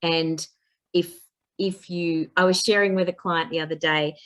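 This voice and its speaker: A woman coach and teacher, a podcast guest, chatting casually and telling lively stories in which she acts out what people said. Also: on the low side, a little slow. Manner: animated storyteller who acts out quotes. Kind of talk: casual chat.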